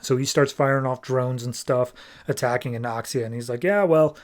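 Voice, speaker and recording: A man's voice: medium pitch, level tone, a little fast. A man hosting a podcast, recapping a comic book story in a casual, jokey way with plenty of fillers. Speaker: podcast host.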